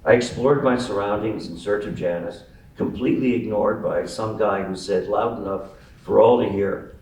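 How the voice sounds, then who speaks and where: A man with a low voice reads his own memoir at a live event, with wry, amused timing. The echoey room and the distant mic give his voice an open, roomy sound. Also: normal speed. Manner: wry, amused, lively storytelling. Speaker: author reading his memoir. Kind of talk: memoir reading.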